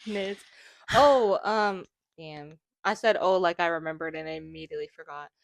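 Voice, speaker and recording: A young woman with a fairly low, gravelly voice co-hosts a podcast, chatting casually at a moderate pace. She retells scenes with giggles and plenty of fillers, and the recording has no room sound.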